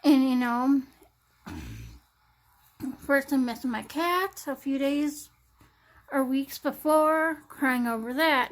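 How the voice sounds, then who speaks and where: A young woman talking into her smartphone in a casual personal vlog, rambling and halting, with many fillers and restarts. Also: high voice. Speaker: vlogger.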